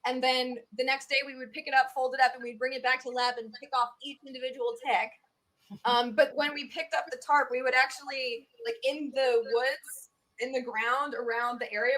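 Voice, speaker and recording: Appearing as an expert guest in a casual interview, a woman with a Southern US accent talks in a chatty, animated way, using lots of fillers. Her voice sits a little high.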